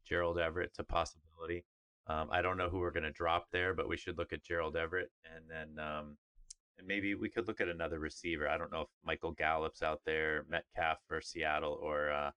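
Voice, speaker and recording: A man's voice: a bass voice, level tone, a little fast, bright, forceful tone, clear, resonant tone. A man co-hosting a podcast, chatting casually about sports in an upbeat, rambling way with fillers. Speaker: podcast co-host.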